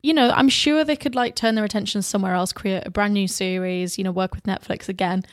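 A woman co-hosting a casual TV podcast in a chatty, animated way. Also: medium pitch, fairly quick. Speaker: podcast co-host.

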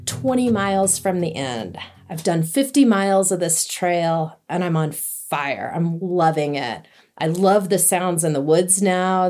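Woman telling her story, kinda low voice, slow and easy, laughs a lot, faint music underneath. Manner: lively, laughs while telling, acts out quotes. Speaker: interviewee telling a hiking story. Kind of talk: casual storytelling.

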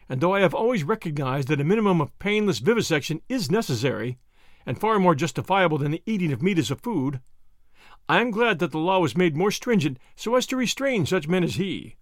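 A man reading a memoir aloud in a measured, expressive narration. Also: fairly high pitch, no room sound, clean studio sound. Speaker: audiobook reader.

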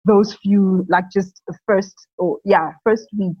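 A woman's voice: mid-range voice, steady tone, slow pace, slightly rough, dry recording. A young woman, a new mother, talking casually in an interview, rambling with many fillers and frequent laughs. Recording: dull lo-fi sound.

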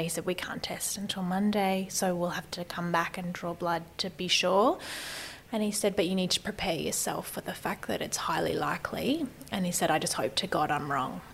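A woman in her thirties telling a personal story candidly, often softening to a near whisper. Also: lowish voice, low-quality recording.

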